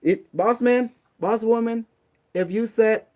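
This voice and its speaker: A man's voice: sits high, slow pace, darkish tone. Blunt streetwise man giving preachy advice. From Cambodia. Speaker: online talk host. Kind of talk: casual motivational talk.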